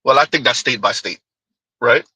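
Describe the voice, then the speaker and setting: A man's voice: medium pitch, normal speed, sharp tone, husky, no room sound, poor audio. A man hosting a reaction commentary, talking rhetorically and often asking his audience "huh?". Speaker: commentary channel host.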